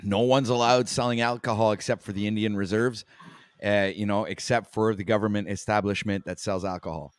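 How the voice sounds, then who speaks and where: A man with a Quebec Canadian accent chats casually, tripping over his words and breaking into laughs. His voice sits low. The recording is dry, with little room sound. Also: steady tone, brisk, no echo. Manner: stumbles on words, laughs often. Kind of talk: casual chat.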